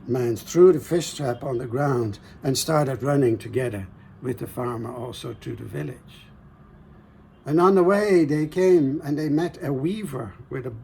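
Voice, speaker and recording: Brief: gentle male folktale teller, slow with pauses, mellow tone. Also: mid-range voice, creaky, a little hiss or hum. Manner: slow, gentle, pausing, drops to hushed asides. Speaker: storyteller, host. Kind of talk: folktale storytelling.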